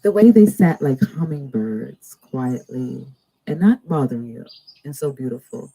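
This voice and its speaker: Woman tarot reader hosting a live stream, very dark mellow tone, slow drawn-out card messages with chatty asides. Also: very deep voice, husky, poor audio. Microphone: two cameras.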